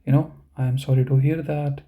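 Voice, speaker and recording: A man's voice: mid-range voice, level tone, fairly quick, narrow, tinny audio. A man teaching an online German class for beginners, explaining grammar step by step and often adding "you know" and "okay".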